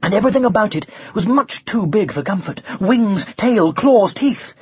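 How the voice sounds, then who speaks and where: A narrator reading a storybook aloud in an expressive way with varied pacing. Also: mid-range voice, moderate pace, husky, no room sound. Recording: dull lo-fi recording.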